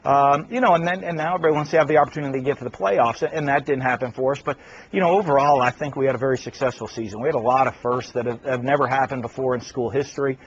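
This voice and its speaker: A man who coaches college football giving an earnest radio interview, halting, with many fillers. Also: medium pitch, steady tone, breathy edge, dull audio.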